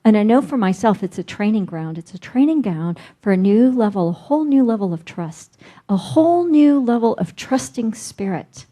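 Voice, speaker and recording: A woman's voice: medium pitch, expressive, normal speed, warm tone. A middle-aged woman minister delivering a sermon, telling a personal story and acting out her inner dialogue.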